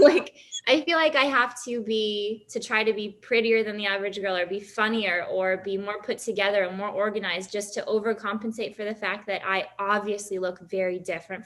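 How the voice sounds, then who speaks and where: Chatty young woman telling stories. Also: medium pitch. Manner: chatty, animated storyteller, many fillers. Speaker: guest athlete. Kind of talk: casual interview conversation.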